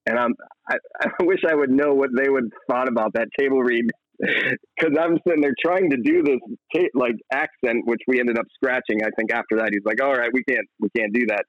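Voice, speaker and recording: A man's voice: mid-range voice, fairly quick, no room sound. Young male actor guest, laid-back and rambling, lo-fi recording. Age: young adult. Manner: relaxed, rambling, laughs often. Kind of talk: casual interview talk.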